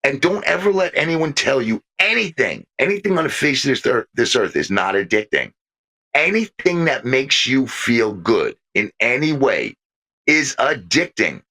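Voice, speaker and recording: An older man with a lively, swooping voice, casual and storytelling, talking politics on a podcast. He acts out the people in his stories, and his voice sits in the middle range for a man. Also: mid-range voice, normal speed. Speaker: podcast co-host.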